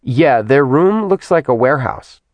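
A man's voice: mid-range voice, expressive, a little slow, no room sound, muffled recording, voice pushed up, lightly acted. A man voicing a flippant, wisecracking young man. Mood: snarky. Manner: snarky, flippant.

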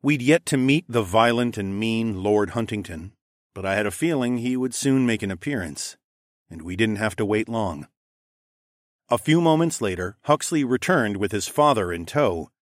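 A man's voice: fairly low pitch, animated, moderate pace, no room sound. Guy reading a fantasy audiobook in first person, wry and chatty, dead dry sound. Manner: conversational, wry, casual swearing. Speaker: audiobook narrator.

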